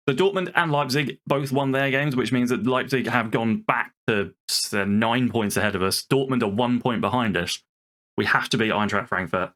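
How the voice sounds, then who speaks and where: A young man streams himself playing a football management game, commenting casually in a medium-pitched, fairly bright voice. Frustrated, he swears and talks both to himself and to his players.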